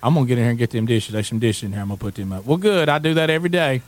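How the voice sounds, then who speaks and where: A man co-hosting a radio talk show, telling animated stories in casual chat. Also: mid-range voice, rapid-fire. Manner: animated storytelling with voiced sound effects.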